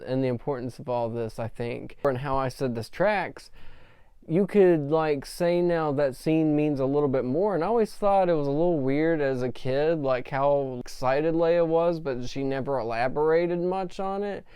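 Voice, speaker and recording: Male reviewer, casual rambling recap, smooth and fairly high, dry close mic. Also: dark tone, dry recording. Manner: rambling, many fillers. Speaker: film reviewer.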